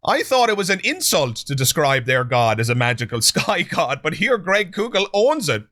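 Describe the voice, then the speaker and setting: A male podcast host talking through a rebuttal. His pitch rises and falls a great deal, and his tone turns sarcastic as he addresses the listener directly. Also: very animated, moderate pace, hardly any pauses, sharp tone, dry recording, studio quality. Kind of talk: commentary on audio clips.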